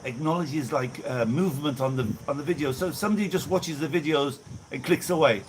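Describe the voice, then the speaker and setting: A man's voice: on the high side, a little fast, slight background noise, poor audio. Chatty English man outdoors with insects. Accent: mixed Birmingham English with a little Maltese influence. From England (Birmingham area). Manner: rambling, chatty, greets viewers by name. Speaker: live-stream host. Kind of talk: casual live-stream chat reading viewer comments. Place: outdoors on a breezy day. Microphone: no clip-on mic, camera mic.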